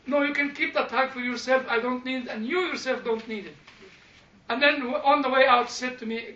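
A man with a very high, bright voice leads a church study group in an informal, animated way. He repeats himself, chuckles and keeps turning to his listeners. He was recorded from a distance in an echoey indoor room, and the sound is somewhat dull. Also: fairly quick. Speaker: church discussion leader.

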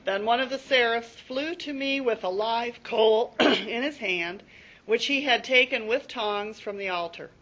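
A woman in a congregation reading a scripture passage aloud, steady with rising emphasis. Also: fairly high pitch, measured pace, dull audio.

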